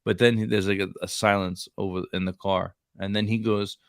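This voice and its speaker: A man's voice: lowish voice, little pitch movement, fairly quick, clear, resonant tone, no echo, clean studio sound. A man in his thirties co-hosting a casual chat, telling stories loosely with lots of "like" and "bro". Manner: storytelling, says "like" and "bro" a lot. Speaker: podcast co-host.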